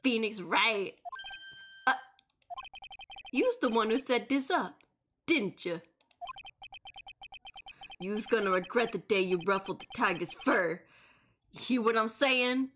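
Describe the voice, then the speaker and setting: A woman voicing a gruff male loan shark with a put-on Brooklyn accent. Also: a little high, animated, slow pace, pauses often, fairly bright tone, soft background music. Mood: menacing. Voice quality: gruff, streetwise slang.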